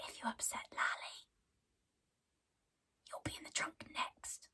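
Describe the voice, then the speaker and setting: Woman whispering as a deranged paranoid man. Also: very slow. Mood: menacing. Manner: hushed, menacing, repetitive. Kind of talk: whispered role-play.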